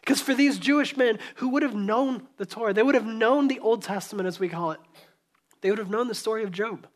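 A man's voice: high voice, a little fast. Man preaching a conversational sermon. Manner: conversational storytelling, acting out voices and dropping to a hushed tone. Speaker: pastor.

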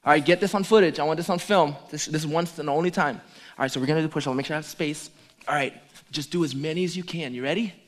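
A middle-aged man preaching as a pastor, joking playfully with the congregation during a lively demonstration. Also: a little high, fast talker. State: out of breath at times. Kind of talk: lively sermon with audience demonstration.

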